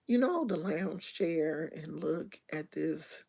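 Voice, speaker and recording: Middle-aged female livestream host. Unhurried, chatty storyteller with slangy speech who talks straight to viewers. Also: sits low, lively intonation, vocal fry, darkish tone, slightly rough. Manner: loose slangy speech with many restarts. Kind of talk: casual livestream chat.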